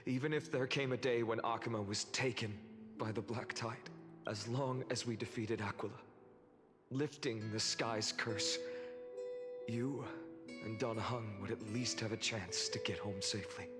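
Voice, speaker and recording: A man voicing an earnest, duty-bound young lord in a game cutscene, giving solemn, measured commands. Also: fairly low pitch, fairly even intonation, long reverb tail, music in the background, natural voice.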